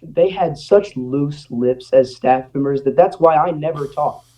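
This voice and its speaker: Young male guest, slightly higher-pitched voice, lively storyteller who acts out quotes. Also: unhurried, low-quality recording. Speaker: guest, former ranch student. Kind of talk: casual storytelling.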